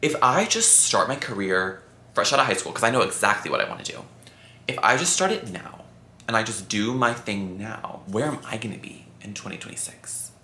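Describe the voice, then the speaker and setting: A man of about twenty, the channel's host, answering viewer questions in a chatty, campy, expressive way. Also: on the low side, normal speed. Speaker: YouTuber. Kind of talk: casual Q&A vlog. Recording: echoey room.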